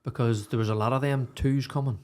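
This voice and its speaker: A man's voice: medium pitch, steady tone, fairly quick, a little mellow. A young man, co-hosting a podcast, chipping in with dry, teasing remarks in casual chat. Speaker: podcast co-host.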